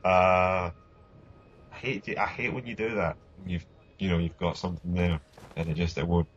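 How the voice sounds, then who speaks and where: A man doing casual let's play commentary, rambling with halting restarts. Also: deep voice, steady tone, dull audio.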